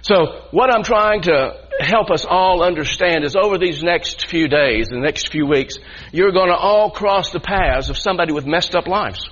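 A man's voice: sits high, normal speed, fairly bright tone. A male pastor telling a personal story in a sermon, earnest and repeating himself as he builds his point. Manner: earnest storytelling with frequent restarts. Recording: muffled lo-fi sound.

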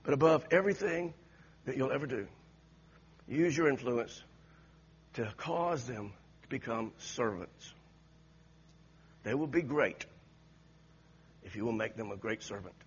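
A man's voice: medium pitch, a little slow, long pauses, highs cut off. A male preacher giving an impassioned sermon with repeated exhortations to the congregation.

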